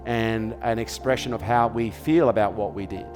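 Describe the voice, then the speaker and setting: A man's voice: on the low side, fairly even intonation, moderate pace, big-room sound, music in the background. An Australian man, a business coach, giving parenting advice in an emphatic, repetitive motivational style, checking in with "okay?" and "does this make sense?". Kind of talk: motivational talk in an interview.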